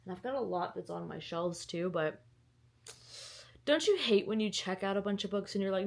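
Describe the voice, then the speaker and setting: A woman's voice: fairly low pitch, fast talker. A young woman, chatting to the camera at home about books in a giggly, rambling way. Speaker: book vlogger. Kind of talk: casual chat to camera. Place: at home indoors.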